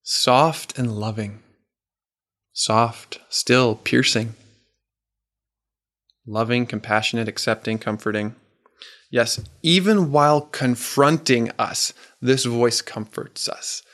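A man's voice: mid-range voice, fairly even intonation, a bit bright. Earnest male preacher giving a sermon. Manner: earnest, slow and emphatic, asks the audience questions.

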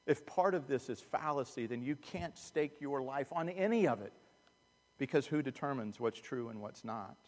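A man preaching a sermon as a pastor, earnest and emphatic, dropping to hushed asides. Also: mid-range voice, lively intonation, normal speed. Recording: long reverb of a large hall.

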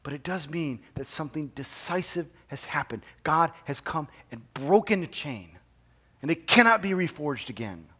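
A male pastor with a high voice preaches a sermon. He moves between soft, almost whispered lines and loud, ringing proclamation. He often repeats a phrase and asks his listeners rhetorical questions. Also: lively intonation, moderate pace, husky. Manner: swings from hushed near-whispers to loud, emphatic proclamation.

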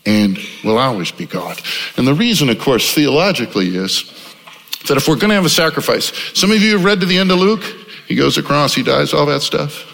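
A man in his fifties preaching a sermon, swinging between loud exclamations and low, quiet stretches. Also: gravelly. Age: 50s. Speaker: pastor. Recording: long hall reverb.

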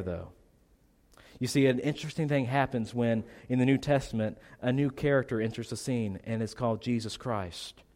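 A pastor delivers an earnest sermon in a medium-pitched, darkish male voice that still sounds slightly congested. He leans on repeated phrases and rhetorical questions.

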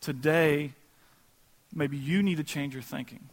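A pastor preaching a sermon in a casual, conversational way, acting out quoted voices. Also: male voice, fairly high pitch, steady tone, unhurried.

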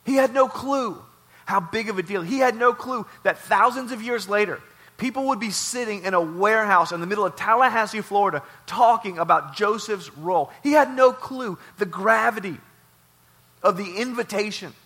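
A man pastor delivering a sermon in a warehouse church, repeating phrases and swinging between loud and soft. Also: high-pitched, normal speed.

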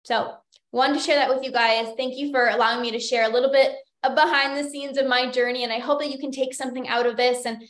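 A woman's voice: sits high, steady tone, quick pace. A young woman hosting a solo podcast, chatty and encouraging, full of "like" fillers, as a binge eating coach. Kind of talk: casual solo podcast talk. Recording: roomy echo.

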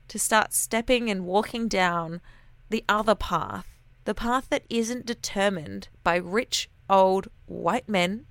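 An Australian woman talks straight to the mic in a candid, chatty monologue, peppering her story with slang. Her voice is smooth and clean, and the recording is dry and close, with no room sound. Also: mid-range voice, slow pace, dry recording. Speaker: radio announcer. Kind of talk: casual personal monologue.

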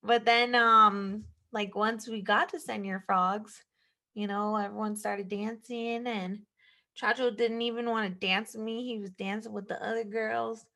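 A woman's voice: medium pitch, level tone, unhurried, bright, forceful tone. A woman co-hosting a podcast, telling a story in casual chat and giggling often. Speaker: podcast co-host.

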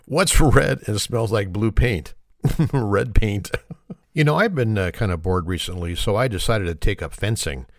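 A man's voice: on the low side, expressive, a little slow, no echo, studio quality. A man telling corny one-liners and a long shaggy-dog joke, laughing at his own punchlines and apologizing for them. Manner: self-deprecating. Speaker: joke teller.

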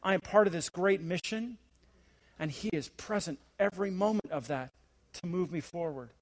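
A middle-aged man preaching a sermon with a fairly high voice. He climbs into emphatic, rising questions, then falls to near-whispered, hushed lines. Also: moderate pace. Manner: swings between rising, emphatic preaching and hushed, low asides. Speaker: visiting senior pastor.

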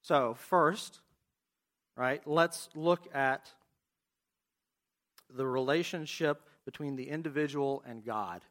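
A man preaching a sermon, reading scripture aloud and asking the congregation questions in an expressive way. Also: medium pitch, slow pace, long pauses. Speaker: pastor.

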